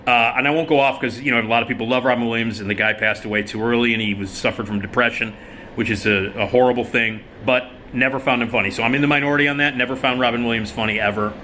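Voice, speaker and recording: A man's voice: medium pitch, fairly even intonation, fast, sharp tone, slight background noise. A man hosting his own show, ranting about comedies he dislikes in a profane, emphatic way. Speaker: host. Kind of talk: opinionated solo commentary.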